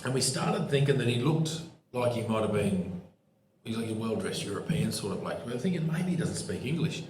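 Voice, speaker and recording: A man's voice: mid-range voice, expressive, a little fast, darkish tone, a little hiss or hum. A man, a former police supervisor, telling laughing anecdotes as co-host of a live podcast show. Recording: echoey live pub room.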